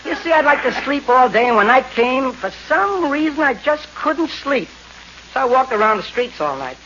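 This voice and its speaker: A man voicing a dim-witted, lazy male stick-up man with a slow, self-pitying drawl, in 1930s radio comedy acting. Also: very high-pitched, big pitch swings, background noise, pitched above the performer's own voice. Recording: lo-fi old radio recording.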